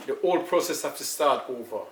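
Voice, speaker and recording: An older man with a Jamaican accent, recalling his family's past in an unhurried, storytelling way during an interview. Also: mid-range voice, animated. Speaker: elder being interviewed. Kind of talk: casual recollection. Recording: echoey room, far from mic, faint noise.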